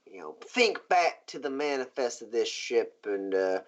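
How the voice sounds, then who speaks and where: Give me a relaxed man running a tabletop game, muffled lo-fi recording. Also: medium pitch, moderate pace. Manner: relaxed, many fillers, mimics sounds. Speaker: game master.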